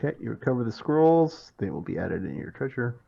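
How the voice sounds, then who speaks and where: Lively-voiced game master man, muffled mic. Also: medium pitch, brisk, creaky, husky. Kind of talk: narrating a tabletop game.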